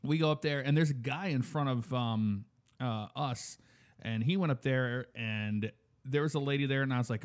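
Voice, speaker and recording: A man's voice: medium pitch, moderate pace. A man telling a story in loose, casual chat. He acts out the lines of the people he met as he goes. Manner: animated storytelling, acts out voices.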